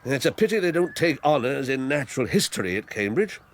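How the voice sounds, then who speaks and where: A bluff old country squire. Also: male voice, mid-range voice, sing-song, brisk, a little hiss or hum. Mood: proud. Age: older. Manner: bluff, rambling and fatherly. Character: hearty old country squire, fond and talkative. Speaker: Squire Hamley. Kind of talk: 1980s radio drama acting.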